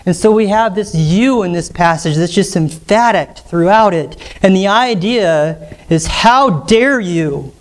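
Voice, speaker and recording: A man preaching a sermon as pastor, emphatic and rising sharply on key lines, slowing down when quoting scripture. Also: high-pitched, a little mellow. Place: church sanctuary.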